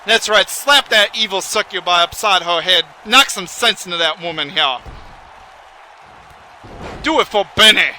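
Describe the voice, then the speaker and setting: A man giving excitable, folksy, rambling play-by-play commentary on a wrestling video game. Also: sits high, measured pace, long pauses, a little hiss or hum, rough recording.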